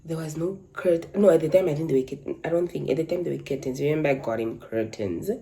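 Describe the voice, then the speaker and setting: A woman's voice: sits low, fast talker, vocal fry, dark tone, rough recording. A young woman, animatedly telling a dramatic story from her life in casual chat. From Namibia. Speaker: content creator.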